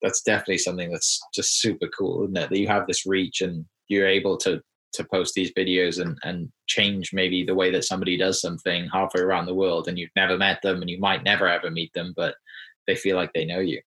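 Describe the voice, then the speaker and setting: Male podcast host, lowish voice, halting, restarts his questions a lot. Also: flat delivery, bright, forceful tone, rough recording. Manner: halting, many restarts and fillers. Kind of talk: casual interview chat.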